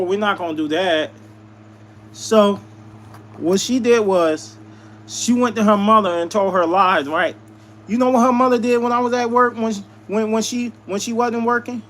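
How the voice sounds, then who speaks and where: A man's voice: sits high, fairly bright tone, a little hiss or hum. A man telling a heated personal story to his live viewers, hammering points home by repeating them. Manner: emphatic, repeats lines for emphasis. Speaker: live streamer.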